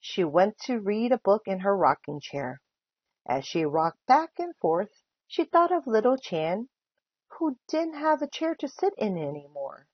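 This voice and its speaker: A woman volunteer reading a children's book aloud with expressive storytelling. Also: mid-range voice, a little slow, breathy edge, dry recording, muffled recording. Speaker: volunteer reader.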